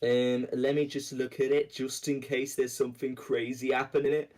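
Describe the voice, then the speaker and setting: A man acting as game master on an online call, relaxed and teasing, rambling through rules. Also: medium pitch, moderate pace. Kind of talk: casual online tabletop session chat.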